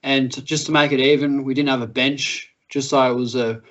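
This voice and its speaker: Laid-back Australian bloke telling stories. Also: male voice, medium pitch, fairly even intonation, a little fast, fairly bright tone. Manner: laid-back storytelling, laughs through tales. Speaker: podcast co-host. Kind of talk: casual chat. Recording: muffled lo-fi audio.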